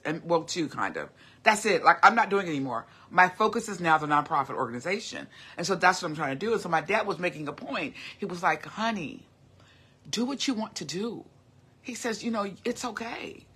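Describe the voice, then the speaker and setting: A middle-aged woman talks straight to her viewers in a heartfelt livestream, earnest and encouraging. Her voice is bright and forward, with a husky, breathy edge. She doubles back on her words and restarts her sentences as she goes. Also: medium pitch. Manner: earnest and encouraging, often repeats herself and restarts. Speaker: host of a motivational live video. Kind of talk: casual heartfelt livestream talk.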